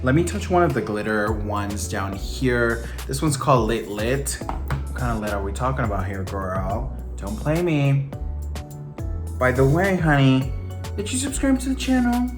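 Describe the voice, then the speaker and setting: A young man hosting a beauty review vlog, sassy and animated, throwing in campy slang and playful swoops. His voice sits at a middle pitch, with music playing faintly underneath. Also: unhurried. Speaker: beauty vlogger.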